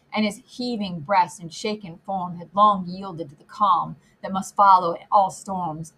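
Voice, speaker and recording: A woman narrating a classic novel as an audiobook, reading in a measured, expressive way. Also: mid-range voice, husky, rough recording. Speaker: audiobook reader.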